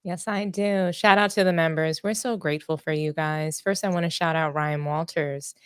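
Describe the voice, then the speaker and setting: A woman co-hosting a casual sports podcast, cheerfully reading out member shout-outs. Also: sits low, steady tone, normal speed, clean tone, no echo, studio quality. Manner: cheerful, upbeat listing of names. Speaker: podcast co-host.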